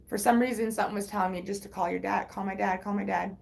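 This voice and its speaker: A woman's voice: medium pitch, steady tone, fast, creaky. A woman livestreaming, telling a personal story in a rambling, frank way with heavy swearing.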